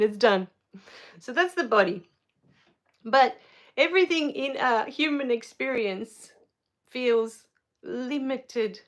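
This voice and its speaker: A woman hosting a spiritual live Q&A, reading viewer comments, soft-spoken and tender, quick to laugh and tear up. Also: on the high side, expressive. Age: adult with a child. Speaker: spiritual live-stream host.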